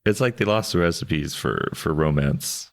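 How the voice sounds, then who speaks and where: Very deep-voiced man chatting loosely. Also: normal speed. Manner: rambling, self-interrupting, jokey. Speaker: podcast co-host. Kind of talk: casual film discussion.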